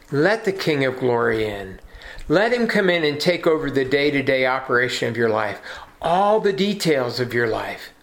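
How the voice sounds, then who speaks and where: A man's voice: on the high side, fairly bright tone. A man preaching a sermon in an earnest, emphatic way, asking rhetorical questions. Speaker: pastor.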